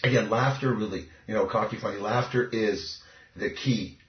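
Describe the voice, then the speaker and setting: A man's voice: lowish voice, normal speed. A man talking as a dating coach in an interview, cocky and emphatic. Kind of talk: casual interview talk. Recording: echoey, muffled lo-fi recording.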